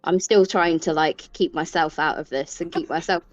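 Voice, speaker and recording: A woman playing her character at a tabletop game, quick and expressive. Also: no echo, dull audio, soft background music. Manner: quick, expressive, jumps into high character voices. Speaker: player. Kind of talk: tabletop role-play.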